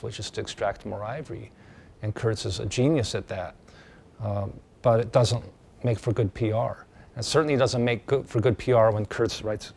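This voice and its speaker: A man's voice: medium pitch, a little mellow. A male teacher giving a casual classroom lecture, talking in a loose, conversational way with many fillers and restarts.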